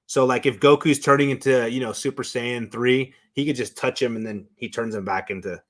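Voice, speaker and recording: A man on a talk show as a guest, telling stories with excitement and emotion, often restarting his sentences. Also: medium pitch, brisk. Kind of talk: casual chat.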